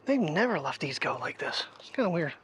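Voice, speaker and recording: A man's voice: on the high side, sing-song, fairly quick, a bit bright, a little hiss or hum. A man chatting casually to the camera while out on a walk, rambling and thinking aloud with lots of fillers. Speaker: daily vlogger. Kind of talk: casual vlog chat. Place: outdoors on a walk. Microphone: wireless clip-on mic.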